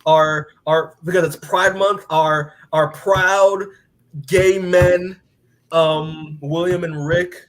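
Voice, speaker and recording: A man's voice: fairly high pitch, fairly even intonation, slow. A man casually recapping a comic book as a podcast co-host, rambling with lots of filler words and casual swearing.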